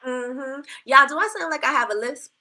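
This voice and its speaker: A middle-aged woman hosting a casual livestream chat, animated, greeting viewers by name and laughing often. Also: high-pitched, normal speed, heavy background noise. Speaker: livestream host.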